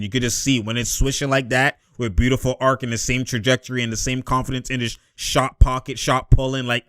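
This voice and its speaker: A man giving excited, slang-heavy commentary over basketball highlights, laughing and hyping plays. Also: dry recording, studio quality. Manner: hyped slangy reactions, frequent laughter. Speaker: sports commentator.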